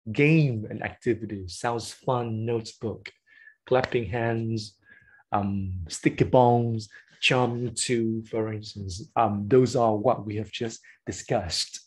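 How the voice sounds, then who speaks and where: A man runs a teacher-training workshop over a video call. He speaks slowly, and his voice is a little husky. He keeps checking in with his listeners by saying "okay" and "all right" again and again. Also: lowish voice. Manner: repetitive, encouraging, with frequent "all right" and "okay". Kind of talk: online teacher-training session.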